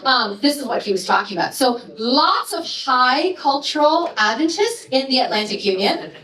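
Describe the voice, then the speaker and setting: A high-voiced woman gives a lecture on her research, talking in a chatty, playful way and tossing in quick asides. She sounds a little distant from the mic, and the hall around her is echoey. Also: expressive, bright, forceful tone. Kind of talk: presenting research to an audience.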